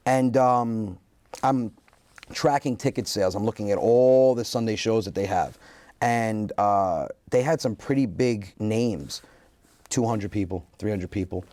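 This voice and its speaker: Animated man telling stories, dry sound. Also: on the low side, a little slow, no room sound. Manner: animated storyteller acting out quotes. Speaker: guest comedian. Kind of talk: casual interview storytelling.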